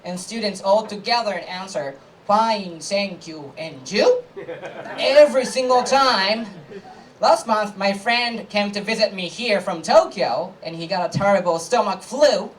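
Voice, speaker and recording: A man's voice: high voice, moderate pace, distant mic, low-quality recording. Japanese-accented man doing stand-up. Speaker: stand-up comedian. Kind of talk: stand-up set. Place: live comedy club stage.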